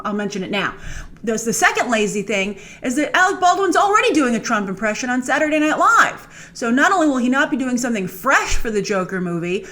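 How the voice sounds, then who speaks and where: A woman hosting a movie news channel, giving opinionated, emphatic commentary to camera. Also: a little high. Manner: animated, emphatic, critical. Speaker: host.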